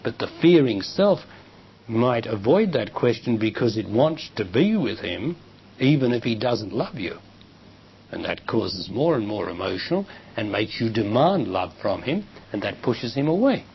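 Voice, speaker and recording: A man giving a public spiritual talk and answering audience questions, measured and emphatic, in a dull lo-fi recording with faint hiss. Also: medium pitch, very animated, gravelly. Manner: measured, emphatic, rises sharply when quoting others. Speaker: spiritual teacher. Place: lecture hall with audience.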